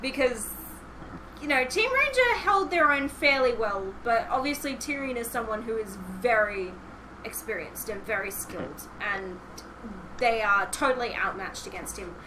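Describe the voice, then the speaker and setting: A woman's voice: fairly high pitch, lively intonation, moderate pace, background noise. A young woman co-hosting a podcast in casual chat, enthusiastic and laughing often. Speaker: podcast co-host.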